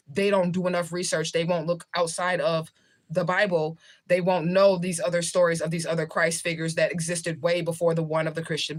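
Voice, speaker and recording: A woman from the southern United States, talking casually to viewers on a livestream, with a rambling, loose delivery. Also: fairly low pitch. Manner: rambling, talks while eating. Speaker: livestream host. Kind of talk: casual live chat with viewers.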